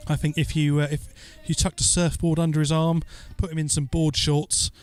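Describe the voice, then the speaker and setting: Man, podcast host, slightly high voice, casual, joking, filler-heavy. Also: level tone, moderate pace, a little mellow. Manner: joking, loose delivery with frequent "uh" fillers. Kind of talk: casual podcast chat and listener Q&A.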